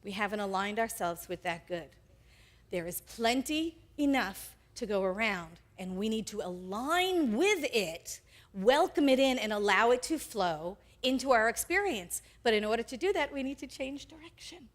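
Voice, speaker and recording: Animated woman preaching with lively pitch. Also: moderate pace. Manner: animated, acts out quoted characters. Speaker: pastor. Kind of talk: sermon.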